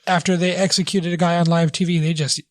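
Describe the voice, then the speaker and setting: A man co-hosting a casual movie review podcast, talking in a halting way with many fillers and restarts. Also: fairly high pitch, little pitch movement. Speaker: podcast co-host.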